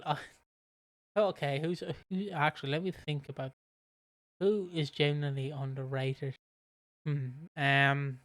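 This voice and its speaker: British man, podcast co-host, slightly high, smooth and clear voice, dry close sound, joking and laid-back. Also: fairly bright tone, no echo. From Britain. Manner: joking, laid-back presenter with filler ums. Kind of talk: casual podcast chat.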